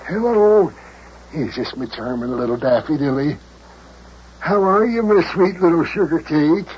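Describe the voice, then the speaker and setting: An actor playing a fussy, lovesick older country mayor in a children's radio drama, with folksy rural grammar and melodramatic complaints. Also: male voice, on the high side, lively intonation, unhurried, slightly rough. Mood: frantic. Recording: dull old radio recording, faint hiss.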